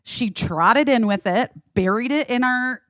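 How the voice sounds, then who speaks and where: A chatty woman hosts a casual podcast. Her voice sits fairly high and her delivery is loose and trailing. The sound is dry and close, with no room around it. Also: unhurried, fairly bright tone, dry recording. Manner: chatty, trailing off and restarting as she tells an anecdote. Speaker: podcast host. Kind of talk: casual chat.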